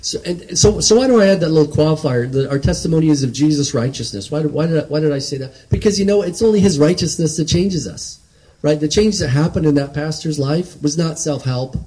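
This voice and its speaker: A man's voice: fairly high pitch, brisk, mellow, low-quality recording. A man preaching a sermon in an earnest, conversational way, often restarting and checking in with "right?".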